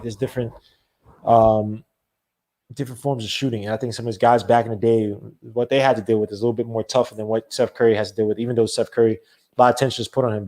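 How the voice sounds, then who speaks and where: Brief: male podcast host, mid-pitched, rambling animated solo rant. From not from the American South. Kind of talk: casual solo sports talk.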